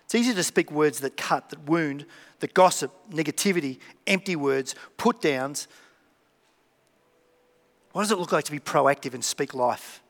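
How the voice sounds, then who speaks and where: A man with a fairly high voice preaches in a church hall, where a long reverb trails after each phrase. He talks conversationally, acting out short exchanges and repeating his key lines. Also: moderate pace, fairly bright tone. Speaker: pastor. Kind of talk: sermon.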